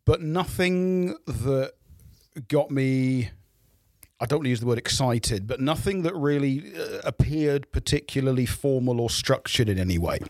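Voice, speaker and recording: A man, a trainer, speaking as a podcast guest in a measured way with dry wit. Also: mid-range voice, lively intonation, a little mellow, dry recording. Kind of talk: casual chat.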